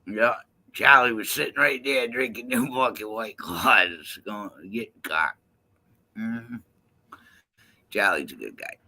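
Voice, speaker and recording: A man chatting casually, loud, crude and heavily profane. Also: fairly low pitch, slow, long pauses. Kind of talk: casual chat.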